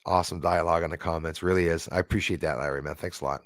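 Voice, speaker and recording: A man's voice: low voice, fairly even intonation, rapid-fire, no echo, studio quality. A man from Montreal, hosting a live stream and casually thanking his viewers as he signs off, switching between French and English. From Montreal, Canada.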